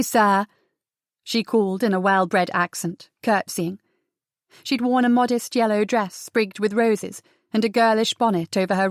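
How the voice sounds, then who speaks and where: A woman reads a novel aloud in a measured, expressive narration at an ordinary mid pitch. The recording is close and dry, with no room sound. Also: no room sound. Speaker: audiobook narrator. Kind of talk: scripted audiobook narration.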